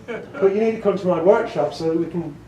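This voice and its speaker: English guy, voiceover pro, chatty and jokey, kinda high voice, echoey room mic from far off. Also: a little fast, dull audio, a crowd in the background. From England. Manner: chatty, jokey, laughs often. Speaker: voiceover artist speaking at a meeting. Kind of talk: storytelling talk with audience questions. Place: meeting room with an audience. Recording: roomy distant recording with background noise.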